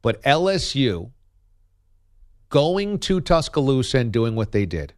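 A man's voice: medium pitch, big pitch swings, unhurried, no room sound, studio quality. A man giving opinionated sports commentary as a radio host, emphatic and argumentative, hammering points with punchy repetition.

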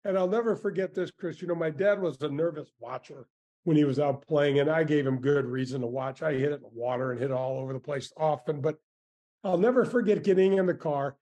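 A man in his sixties, a former pro golfer, telling stories in an interview, animated, with many restarts and asides. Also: a little high, a little fast. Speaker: former tour golfer, guest. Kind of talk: storytelling interview answers.

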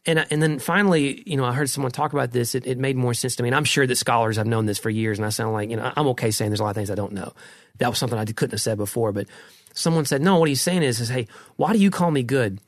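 A man's voice: mid-range voice, steady tone, rapid-fire, dry recording, studio quality. A middle-aged man in a casual conversation about faith, earnest and reflective, often restarting his sentences.

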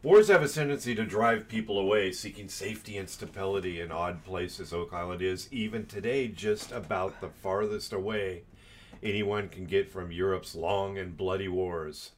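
A man's voice: low voice, normal speed. A man co-hosting a podcast, reading history aloud with dry joking asides. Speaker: podcast co-host. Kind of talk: casual chat and reading aloud.

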